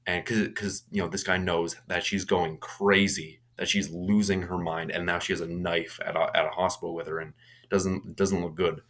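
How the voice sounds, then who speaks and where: A man's voice: low voice, flat delivery, moderate pace, fairly bright tone. A young man casually retelling a horror movie's plot, rambling with frequent restarts and fillers. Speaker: movie reviewer.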